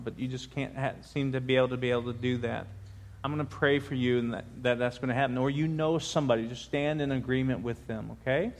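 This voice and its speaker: Middle-aged pastor, informal, big echoing hall. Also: male voice, mid-range voice, slight background noise. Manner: informal, rambling, with many restarts. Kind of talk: sermon. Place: large church sanctuary. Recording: long church hall reverb.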